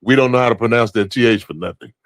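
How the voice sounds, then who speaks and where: Relaxed man on a dry mic. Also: mid-range voice, fast, no room sound. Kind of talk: casual chat.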